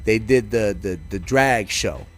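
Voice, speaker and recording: A podcast co-host tells a funny story in a casual chat, animated and profane with heavy use of fillers. His voice is fairly low and he speaks at a measured pace.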